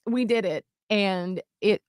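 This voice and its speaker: A woman's voice: medium pitch, takes it slowly. A woman co-hosting a radio show, chatting casually and telling a story with lots of acted-out quotes. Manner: animated storytelling, acts out quotes in voices. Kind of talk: casual chat.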